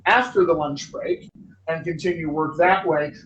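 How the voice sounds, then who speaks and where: A man's voice: fairly high pitch, moderate pace, fairly bright tone, muffled recording. A man hosting a live-stream Q&A as a dialect coach, chatty and reading out viewer questions. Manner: chatty, reads questions aloud, playful nagging. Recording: echoey room, from far off, faint noise.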